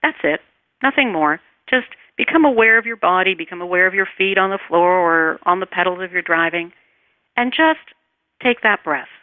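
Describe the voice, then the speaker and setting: A woman teaching meditation in an interview, speaking calmly and soothingly, and her voice trails off softly as she guides the breathing. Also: lowish voice, normal speed, dry recording. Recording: tinny phone line, dry.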